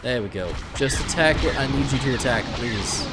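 A man doing let's play commentary, excitable and swearing often as he talks back to the game. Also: mid-range voice, normal speed, very noisy. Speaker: gameplay commentator. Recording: game music underneath.

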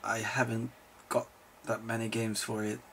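This man hosts a video answering viewer questions, and he's clearly tired from not sleeping; he rambles, cracks jokes and curses without restraint. He speaks at normal speed in a lowish, flat voice with vocal fry and a fairly bright tone, over slight background noise.

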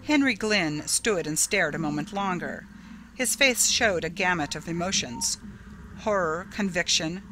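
A woman narrating a ghost story in a dramatic, measured audiobook reading. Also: fairly low pitch, bright, forceful tone, a little hiss or hum, low-quality recording.

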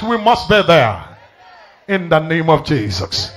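A man's voice: fairly high pitch, huge pitch swings, slow pace. A man preaching a sermon to a congregation, emphatic and repetitive, often asking the crowd questions. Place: church service before a congregation.

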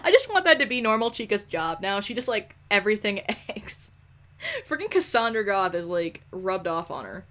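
Lively bright-voiced young woman. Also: medium pitch, moderate pace. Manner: animated, swearing, laughing, scolding game characters. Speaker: gameplay commentator. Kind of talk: casual gameplay commentary.

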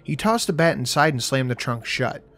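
A man's voice: mid-range voice, animated, moderate pace, fairly bright tone, a little hiss or hum. A man narrating a horror story in the first person, with a wry storytelling manner. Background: faint music.

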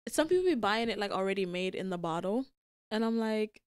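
A young woman co-hosting a casual chat, telling animated stories, laughing often and acting out quotes. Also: medium pitch, fairly quick, smooth, no echo, clean studio sound. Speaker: podcast co-host.

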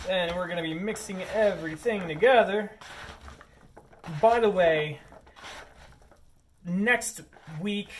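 A man's voice: a little high, slight background noise. A man hosting his cooking vlog, chatty and goofy, rambling as he cooks. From Lower Peninsula of Michigan. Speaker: cooking channel host.

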